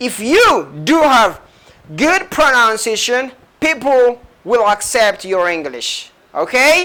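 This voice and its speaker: A woman's voice: fairly high pitch, sharp tone. A woman with an Ethiopian accent teaching an English lesson. She drills set phrases over and over, switches between English and Amharic, and urges her learners to answer and repeat. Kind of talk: classroom language lesson.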